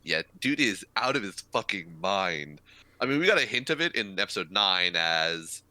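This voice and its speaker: Guy on an anime podcast, bright low-ish voice, dead dry sound, swears a lot. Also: moderate pace, dry recording. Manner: swearing, animated retelling of scenes. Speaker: podcast co-host. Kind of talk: casual chat about anime.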